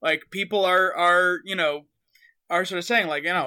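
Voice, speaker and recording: Brief: male podcast co-host, high bright voice, loose and chatty. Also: moderate pace. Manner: relaxed, filler-heavy. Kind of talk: casual chat.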